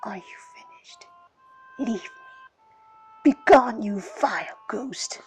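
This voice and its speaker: A woman voicing a hungry, bad-tempered young boy who shouts defiantly in a storybook reading. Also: mid-range voice, takes it slowly, breathy edge, whispered, soft background music, heavily acted. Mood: furious.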